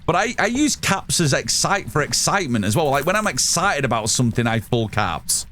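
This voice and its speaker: Loud guy streaming games, swears a lot, voice jumps all over, bit of hum in the back. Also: medium pitch, brisk. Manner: loud, excitable, swears a lot, reads chat aloud. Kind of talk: casual live-stream chat while gaming.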